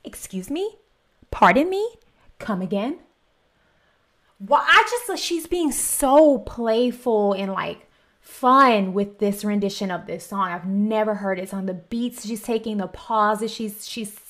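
A woman's voice: medium pitch, measured pace, fairly bright tone. A woman reacting to a music performance in a gushing, exclamatory way, talking over the song. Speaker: music reaction video host. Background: music playing.

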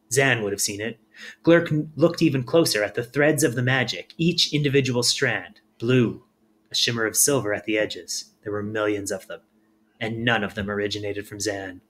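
A man narrating a storybook in a calm, measured reading voice. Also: mid-range voice, a little hiss or hum. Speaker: audiobook reader.

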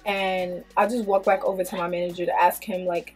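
A woman vlogger who tells a story in an animated, blunt way, with plenty of swearing. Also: lowish voice, quick pace, slightly rough, faint music behind. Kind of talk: storytime vlog.

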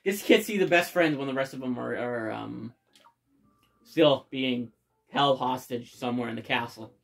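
A let's play host giving excitable game commentary with loud bursts of cheering and frequent swearing. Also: medium pitch, moderate pace, vocal fry. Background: faint game music.

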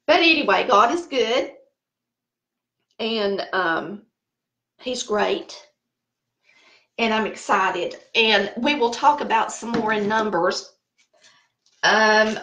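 A middle-aged cooking channel host from the Southern United States chats casually in a Southern American accent, telling stories and laughing at herself. Her voice is on the high side with a fairly bright tone, and the sound is roomy.

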